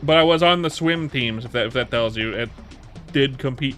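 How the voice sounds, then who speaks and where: A man's voice: medium pitch, normal speed, fairly bright tone, faint music behind. A man in his thirties chatting casually on a livestream, answering viewer questions in a rambling way with many restarts and repeated words. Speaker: streamer.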